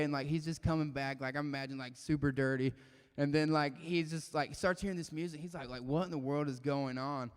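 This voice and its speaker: A young man giving a casual youth devotional talk, animated and full of "like" fillers. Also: a little high, clean tone. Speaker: youth speaker. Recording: long hall reverb.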